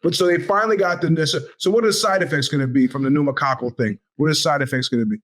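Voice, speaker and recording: A man in his fifties hosts a podcast, speaking very fast in a slightly high voice. He tells a long, rambling story in an animated way, acting out the voices of the people in it.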